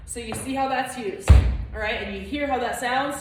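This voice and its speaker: A woman's voice: a little high, moderate pace. A woman teaching a flamenco footwork lesson, explaining technique and counting beats aloud as she dances. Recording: echoey room, far from mic, loud music.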